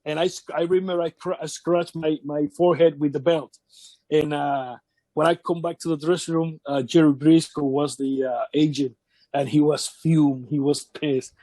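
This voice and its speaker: Man with a high voice telling wrestling stories. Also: steady tone, dark tone, no echo. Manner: halting, repeats words, acts out quotes of others. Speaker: wrestling veteran interviewee. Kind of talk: casual shoot interview storytelling.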